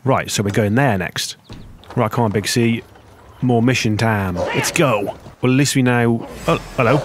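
A man's voice: a little slow, slight background noise. A man giving casual let's play commentary, muttering to himself with sudden yelps of surprise. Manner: chatty, muttering to himself, sudden high-pitched exclamations. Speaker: gameplay commentator.

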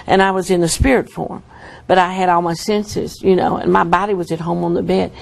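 Woman guest, earnest storyteller, strong vocal fry. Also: on the low side, little pitch movement, a little fast. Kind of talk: testimony interview.

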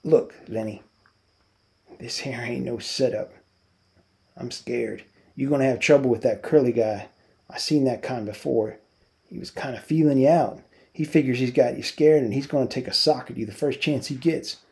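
An anxious, protective ranch hand who presses his warnings fast and urgently, voiced by a man reading a novel aloud. The voice is gravelly and dark. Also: medium pitch, natural voice.

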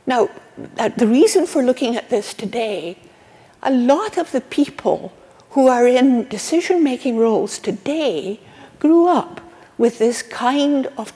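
Older Scottish woman giving a keynote. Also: a little high. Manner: warm, earnest, with restarts and asides. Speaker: keynote speaker. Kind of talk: conference keynote lecture. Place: conference hall. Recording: long reverb of a conference hall.

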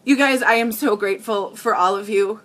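A woman hosting a casual makeup livestream, gushing with excitement and tearful gratitude as she greets her viewers. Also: medium pitch, normal speed.

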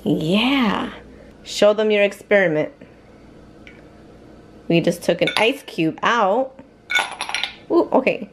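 A woman's voice: medium pitch, expressive, takes it slowly, pauses often, slight background noise. A young mother vlogging casually at home with a handheld camera. She chats, laughs often and slips into Spanish with her child. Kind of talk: casual family vlog. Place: home, indoors.

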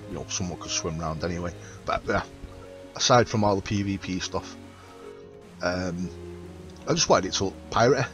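A man giving a casual, rambling tour of his game build, full of likes and you-knows. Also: sits low. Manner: rambling, filler-heavy, relaxed. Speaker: game video creator.

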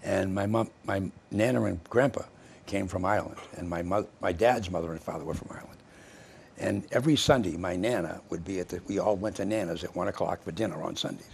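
Older male host, low and gravelly, chatty, meandering storyteller. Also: fairly quick, slight background noise. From Massachusetts, US. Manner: rambling storyteller, many restarts. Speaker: TV show host. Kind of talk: casual interview chat. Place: local cable TV studio.

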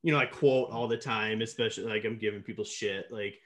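A man's voice: on the low side, fairly even intonation, brisk, a bit bright. Rambling male podcast co-host. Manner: rambling, filler-heavy, laughs often. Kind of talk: casual movie podcast chat.

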